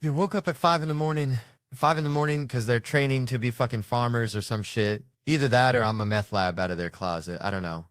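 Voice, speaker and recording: In a stand-up routine, a middle-aged man tells crude, profane stories about parenting, brashly acting out his kids' lines. His voice is medium-pitched and brisk, recorded cleanly in a studio with no room sound.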